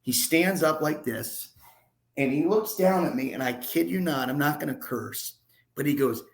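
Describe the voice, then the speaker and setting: A man in his forties, a podcast guest and sports reporter, telling animated, self-deprecating stories in a rambling way. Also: on the high side, moderate pace. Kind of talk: casual storytelling.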